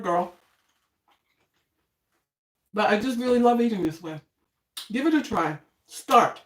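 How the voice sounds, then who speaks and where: An older woman chatting casually on a home cooking live stream, homey and relaxed, talking while she eats. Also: mid-range voice, slow pace, long pauses, roomy sound. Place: home kitchen.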